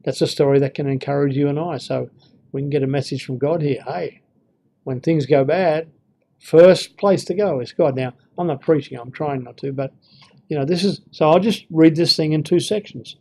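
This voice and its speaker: A man's voice: on the high side, a little mellow. A man giving an informal Bible lesson, thinking aloud with fillers and reading verses with feeling. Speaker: Bible teacher.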